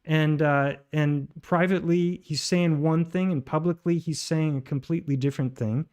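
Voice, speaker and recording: A man with a fairly high voice hosts a livestream and comments on voice messages. He rambles and halts, with plenty of fillers and restarts. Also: fairly even intonation, a little mellow. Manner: rambling, halting with many fillers. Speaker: livestream host.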